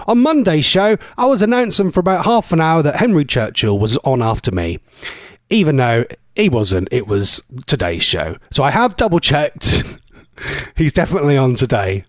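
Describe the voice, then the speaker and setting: A man's voice: a little high, dry recording, clean studio sound. A man hosting a live local radio show, chatting casually and rambling with self-mocking asides. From England. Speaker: radio host. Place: radio studio. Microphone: studio mic.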